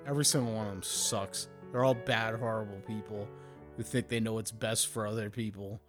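A man's voice: steady tone, brisk, soft background music. Profane man ranting solo on a podcast. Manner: profane, rambling, swings between loud outbursts and low mutters. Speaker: podcast host. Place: home setup, recording alone.

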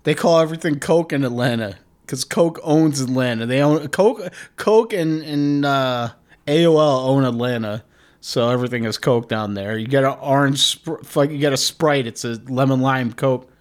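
Alone on his comedy podcast, a man with a medium-pitched voice rambles and swears animatedly at a moderate pace. His sound shifts as he moves nearer to and away from the microphone.

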